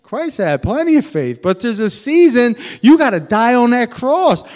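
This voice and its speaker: A man preaching a sermon in a lively, animated way, swinging between loud emphatic bursts and quiet asides. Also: very high-pitched, moderate pace. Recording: long hall reverb.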